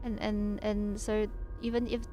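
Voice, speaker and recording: A woman's voice: mid-range voice, little pitch movement, unhurried, warm tone, faint music behind. A woman livestreaming, chatting in a playful, rambling and silly way between reading passages from her home PC setup. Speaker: VTuber streamer.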